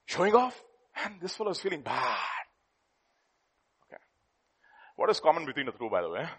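A man preaching a sermon, telling a children's story in a playful, animated way and laughing as he goes. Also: mid-range voice, a little fast, breathy edge.

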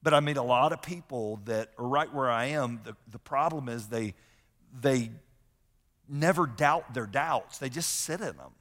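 A middle-aged man delivers a sermon as a pastor, with emphasis, repeated key phrases, and personal stories. His medium-pitched voice is a bit bright and unhurried, echoing with long hall reverb in the large sanctuary.

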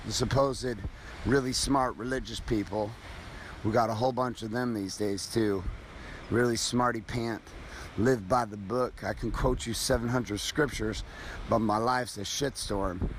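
A man hosting a motivational podcast in a blunt, casual manner. He swears freely as he tells his story, in a voice of ordinary pitch for a man. There is a faint hiss under the recording. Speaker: podcast host.

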